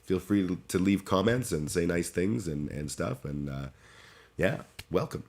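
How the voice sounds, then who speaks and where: A man's voice: low-pitched, unhurried, a little mellow. A man chatting casually on his livestream, rambling and self-deprecating with lots of restarts. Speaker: streamer.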